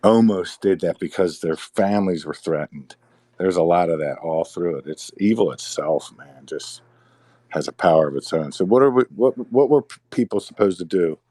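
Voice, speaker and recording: Deep-voiced rambling man, casual chat. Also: lively intonation, moderate pace, mellow, dry recording. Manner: rambling, repeats words, sighs.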